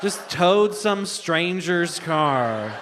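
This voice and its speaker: A man doing stand-up comedy, telling a family story with animated delivery and acting out relatives. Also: high-pitched, very slow, a crowd in the background. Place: live comedy stage. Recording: live stage with long reverb and faint noise.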